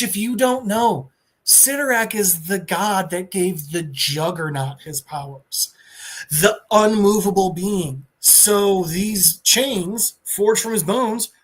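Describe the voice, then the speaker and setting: Excitable man retelling a comic. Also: high-pitched. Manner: excitable storyteller, restarts mid-sentence. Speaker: podcast co-host. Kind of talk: animated comic-book retelling.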